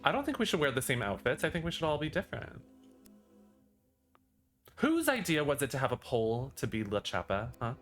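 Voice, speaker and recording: A man's voice: mid-range voice, very animated, a little fast, pauses often, fairly bright tone, low-quality recording. A man streaming a video game, chatting casually and reading out chat requests. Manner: chatty, reads chat aloud. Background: game music.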